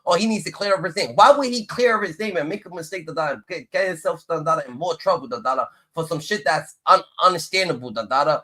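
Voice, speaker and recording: A man's voice: fairly high pitch, quick pace, hardly any pauses, sharp tone. A man co-hosting a live stream, swearing and tacking "da, da, da" onto nearly every phrase. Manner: peppers every phrase with "da, da, da", profane. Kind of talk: heated live-stream commentary.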